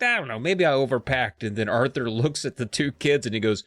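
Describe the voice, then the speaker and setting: A man's voice: medium pitch, a little fast, few pauses, fairly bright tone, no echo. A man casually retelling a children's book for laughs, rambling and voicing the characters. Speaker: podcast co-host. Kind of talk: casual comedic recap.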